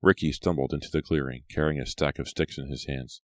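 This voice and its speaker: A man narrating an audiobook in a steady storytelling voice. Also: a bass voice, brisk, no room sound. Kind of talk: scripted narration.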